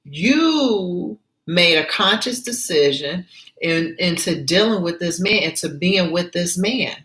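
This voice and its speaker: Woman reading her story and breaking off to explain, slow and emphatic, bright forceful voice, echoey room. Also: lowish voice, expressive. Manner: emphatic, repeats points, asks listener to see. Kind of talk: story reading with life commentary.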